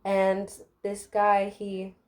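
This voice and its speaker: A woman's voice: medium pitch, completely flat delivery, drawn-out words. Chatty young woman vlogger. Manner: chatty and heartfelt, with many fillers like "like". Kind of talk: casual life update while doing her hair.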